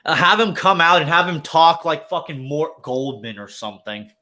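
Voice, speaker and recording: A man hosting a livestream who rants in casual chat. He swears constantly and rambles through filler words, and his voice sits a little high. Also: animated, moderate pace, bright, forceful tone. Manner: profane, rambling rant with many fillers. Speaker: livestream host.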